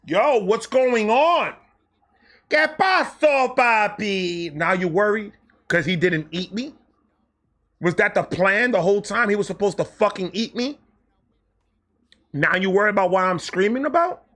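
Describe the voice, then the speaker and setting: This New York storyteller host shares a personal tale in his New York accent, animated and foul-mouthed, lurching from loud bursts to muttered asides. He goes at a normal speed but pauses often.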